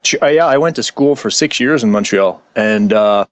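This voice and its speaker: A man's voice: fairly low pitch, moderate pace, no echo. Man telling acting-set stories, dry mic. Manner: storytelling, laughs often. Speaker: guest actor. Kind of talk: casual podcast interview.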